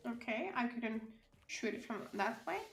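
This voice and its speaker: A woman streamer giving casual live commentary while playing, excitable and reacting loudly to the game. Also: fairly high pitch, unhurried. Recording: roomy echo.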